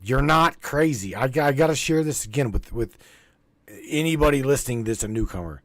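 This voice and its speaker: Hosting a spiritual livestream, a man talks informally to his viewers in the chat, rambling, repeating himself, and cursing freely as he makes emphatic points. His mid-range voice has lively intonation and a normal speed, with no echo.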